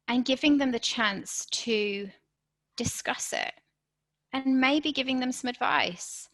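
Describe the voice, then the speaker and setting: Slightly high-pitched and fairly bright, a woman presents a live online workshop on a rough recording. Encouraging throughout, she talks directly to her viewers and keeps asking "okay?"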